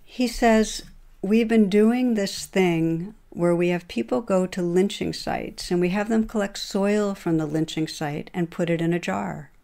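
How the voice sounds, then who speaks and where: A woman hosting a podcast, telling a long story in an earnest, steady way and quoting the people in it. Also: mid-range voice, a little slow, vocal fry. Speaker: podcast host. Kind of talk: retelling a story in a talk.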